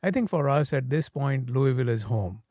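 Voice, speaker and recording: A man's voice: mid-range voice, animated, dark tone, no echo, studio quality. An older man with an Indian accent from India, a father talking reflectively in a casual interview. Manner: reflective, plainspoken, pausing with fillers. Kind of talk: casual conversation.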